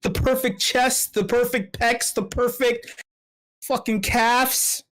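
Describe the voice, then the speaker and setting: A man's voice: very high voice, steady tone, takes it slowly, fairly bright tone. A man hosting an online meetup, rambling through profane comic rants full of restarts and repeated words. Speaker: meetup host. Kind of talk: casual livestream chat.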